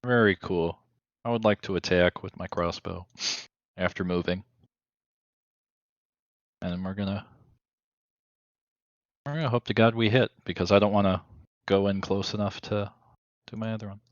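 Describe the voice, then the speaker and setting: Male player, low pitch, murmurs while reading rules, muffled dry voice chat. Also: steady tone, normal speed, long pauses, dry recording. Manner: checks rules aloud, mutters while reading. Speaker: player, rogue. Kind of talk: casual game table chat.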